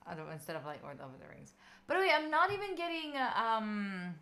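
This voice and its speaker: Chatty Italian woman, lively voice. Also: medium pitch, fairly quick, vocal fry. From Italy. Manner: chatty, reads and answers viewer messages between tangents. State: tired, yawning. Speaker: study-stream host. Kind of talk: casual live-stream chat.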